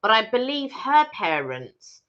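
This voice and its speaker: A woman's voice: a little high, very animated, unhurried, fairly bright tone. A woman co-hosting a live stream, chatting casually and rambling with lots of restarts and fillers. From Britain. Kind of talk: casual chat. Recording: dull lo-fi live stream audio.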